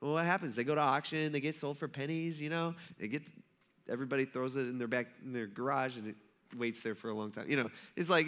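A man's voice: a little high, bright, forceful tone. A young man preaching a sermon in a casual, conversational way, often acting out quoted voices. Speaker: pastor.

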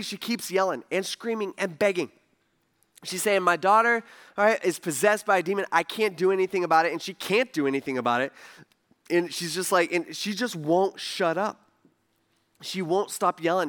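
Chatty high-voiced male preacher. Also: a bit bright. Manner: conversational, rhetorical questions and asides. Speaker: pastor. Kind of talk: casual sermon.

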